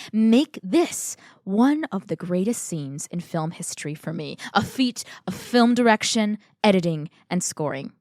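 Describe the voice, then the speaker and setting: A woman's voice: mid-range voice, dry recording. A woman co-hosting a film podcast in a casual chat, gushing and playful about her topic. Her voice sits in a middle register. It is recorded close and dry, with no room sound. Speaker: podcast co-host.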